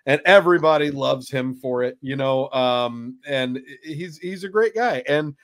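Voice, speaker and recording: A man's voice: mid-range voice, a little slow. A man hosting a podcast in casual chat, playfully hamming up his introductions. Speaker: podcast host.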